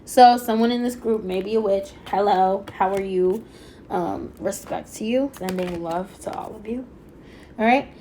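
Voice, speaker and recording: A woman giving a pick-a-card tarot reading, chatty and excitable, talking fast with lots of fillers and a slightly stuffy nose. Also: mid-range voice, a little hiss or hum. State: a little stuffy-nosed. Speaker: tarot reader.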